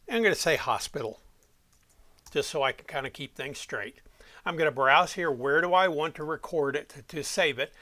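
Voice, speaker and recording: A man giving a step-by-step software walkthrough as an audio production instructor, talking while he clicks. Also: on the high side.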